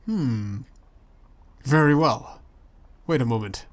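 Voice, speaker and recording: A man's voice: mid-range voice, animated, slow. A man playing a story game, reading its dialogue aloud in a playful way and switching voices for the characters. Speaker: let's play gamer.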